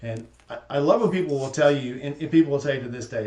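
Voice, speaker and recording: A man hosting a casual chat, telling stories in a relaxed, enthusiastic way. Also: medium pitch, quick pace, hardly any pauses, echoey room. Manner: chatty, relaxed, enthusiastic storytelling.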